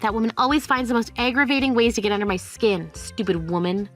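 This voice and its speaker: A woman's voice: on the high side, fast, lightly acted. A synthetic woman's voice reading a fed-up young divorced woman who speaks coldly and bluntly in a text-message story. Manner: cold, blunt. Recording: faint music underneath.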